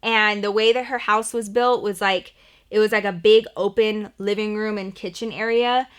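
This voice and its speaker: A young woman vlogger telling a personal story in a chatty, animated way, full of "like" fillers. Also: mid-range voice, moderate pace, clear, resonant tone. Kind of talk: storytime vlog narration.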